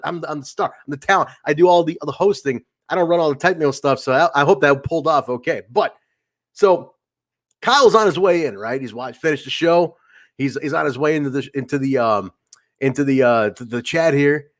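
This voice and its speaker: A man hosting a casual solo podcast livestream, rambling with fillers and restarts and acting out other people's lines as he tells a story. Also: fairly high pitch. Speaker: podcast host.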